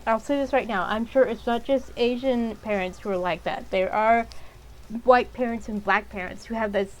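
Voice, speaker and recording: A woman's voice: a little high, a little hiss or hum, low-quality recording. A woman playing a game, reading its text and rambling in casual, exasperated commentary. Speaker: game streamer. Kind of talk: casual let's-play commentary.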